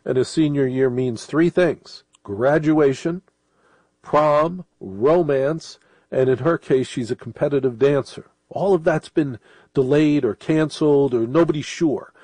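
Dark-voiced radio host with a cold. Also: male voice, on the high side, measured pace, dry recording. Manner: rambling, conversational, with restarts and asides. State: sniffling with a cold. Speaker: late-night radio host. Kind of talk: casual monologue to listeners.

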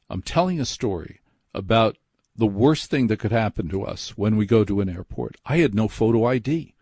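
A man's voice: fairly low pitch, expressive, normal speed, a little mellow, slightly rough, no room sound. A man hosting a late-night radio show, telling a story in a chatty, self-deprecating, rambling way from a studio mic.

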